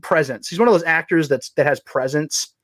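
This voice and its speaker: A man with a slightly higher voice talks about a film in a loose, jokey way, trailing off and restarting as he goes. The sound is dry and close, with no room in it. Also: fairly quick, fairly bright tone, dry recording. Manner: jokey, rambling, lots of restarts. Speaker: podcast guest. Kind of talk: casual film discussion.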